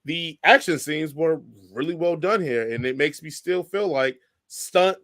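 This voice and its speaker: A man with a fairly high voice, easygoing and chatty, who leans on little fillers as he argues a point. He is sharing opinions in relaxed podcast conversation. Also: unhurried, no echo, studio quality. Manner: easygoing, uses many fillers like "like". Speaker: podcast co-host. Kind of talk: casual movie review chat.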